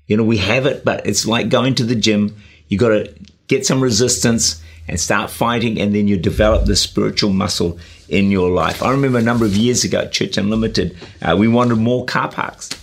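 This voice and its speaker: A pastor and radio preacher delivers a camera-recorded sermon, exhorting earnestly and often saying "uh" and "you know." His voice is on the low side with vocal fry, and he speaks briskly.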